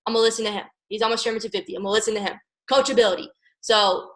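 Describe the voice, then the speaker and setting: A young woman from Maryland giving an energetic motivational coaching talk, repeating "guys" and "okay" and acting out phone calls. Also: on the high side, rapid-fire, poor audio. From Maryland, USA. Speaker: network marketing team leader.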